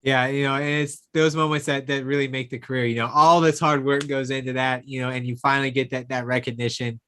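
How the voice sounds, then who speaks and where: A man hosts an interview in an ordinary mid-pitched voice. He echoes back and affirms what his guest has said. His talk is loose and conversational, full of filler words. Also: little pitch movement, fast talker, pushed and bright, smooth. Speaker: interview host. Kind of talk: interview hosting.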